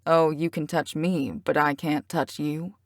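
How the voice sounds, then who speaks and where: A woman's voice: low-pitched, fairly even intonation, normal speed, no room sound, clean studio sound. A woman voicing a cocky teasing bad boy. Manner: teasing, smooth, full of innuendo. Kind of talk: audiobook character reading.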